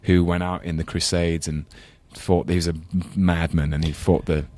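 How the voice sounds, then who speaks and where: A deep-voiced man with a London English accent chats as a podcast guest. He talks thoughtfully and often stops to restart his sentences. His voice sounds close and dry. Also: little pitch movement, normal speed, a little mellow, dry recording. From England. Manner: thoughtful, hesitant, full of ums and restarts. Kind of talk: casual interview chat.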